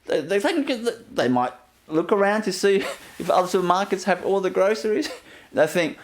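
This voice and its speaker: A man giving a gentle inspirational talk as a spiritual teacher, often laughing softly and leaning on "you know" as he repeats himself. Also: high voice, lively intonation, brisk. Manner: repetitive, fills with "you know".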